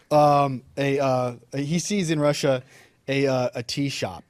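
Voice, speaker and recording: Halting rambling man improvising a pitch. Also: fairly bright tone, dry recording. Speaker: improv player.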